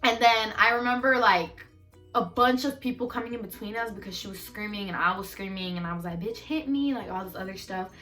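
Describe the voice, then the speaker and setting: Bright-voiced teen girl telling a story. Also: mid-range voice, fairly quick, far from the mic, faint music behind. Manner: animated, profane, acts out quotes loudly. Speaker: storyteller vlogger. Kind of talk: casual storytime.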